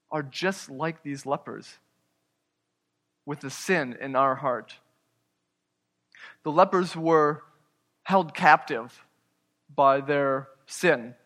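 A man preaching a sermon as pastor, earnest, moving between loud emphasis and quiet, hushed asides. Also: a little high, in a large hall.

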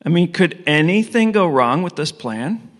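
Speaking at a moderate pace, this middle-aged pastor has an expressive voice on the high side. His sermon is casual and story-driven, and he keeps asking the congregation questions. The church hall adds a long reverb.

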